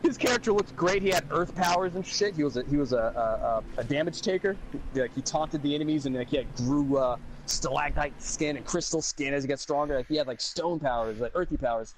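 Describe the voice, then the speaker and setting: A man's voice: on the high side, fairly quick, hardly any pauses, a little hiss or hum, low-quality recording. A man in casual chat, rambling with many restarts, laughing and swearing. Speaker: podcast co-host.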